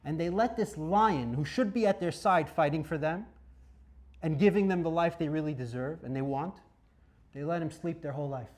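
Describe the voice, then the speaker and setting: A man giving a dramatic Torah lecture, swinging between loud bursts and hushed asides and asking his listeners questions. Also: on the high side, moderate pace. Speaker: rabbi teaching a Torah class.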